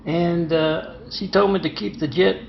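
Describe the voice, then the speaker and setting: A man voicing a male pilot with a thick foreign accent, who speaks in a casual, halting boast. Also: sits high, fairly even intonation, gravelly, a little hiss or hum. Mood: offhand. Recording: roomy dull lo-fi recording.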